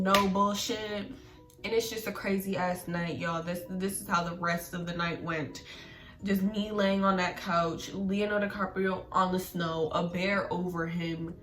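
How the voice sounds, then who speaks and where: Young woman vlogger, lively slangy storyteller, roomy off-mic sound. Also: mid-range voice, distant mic. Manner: animated slangy storytelling with laughs. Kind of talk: storytime vlog. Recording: echoey room, voice off-mic, faint music.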